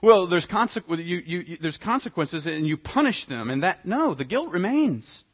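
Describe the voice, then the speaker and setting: A man preaching a sermon, dramatic, swinging between loud emphatic points and quiet hushed asides. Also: sits high, very animated, moderate pace, slightly rough, lo-fi sound. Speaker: pastor.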